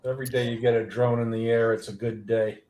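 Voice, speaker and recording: A man's voice: medium pitch, level tone, quick pace, dark tone. A man chatting casually as a panel guest, rambling and friendly.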